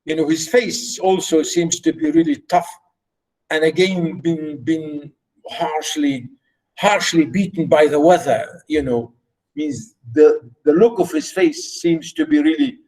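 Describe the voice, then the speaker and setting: A male literature teacher explaining a play in a lecture, halting, with many fillers and restarts. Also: a little high, a little mellow, low-quality recording. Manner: halting, full of fillers and restarts, repeats himself.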